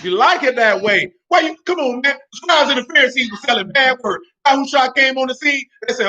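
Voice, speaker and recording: A man preaching a sermon in street slang, talking animatedly and breaking into shouts. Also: very high-pitched, lively intonation, fairly quick, hardly any pauses. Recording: dull lo-fi recording.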